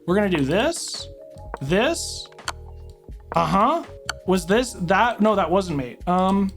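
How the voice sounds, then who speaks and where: A woman's voice: medium pitch, sing-song, slow, over music. A woman commentating her own online chess game as she plays, thinking aloud move by move with dramatic outbursts. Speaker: chess streamer. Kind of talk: live commentary while playing online chess.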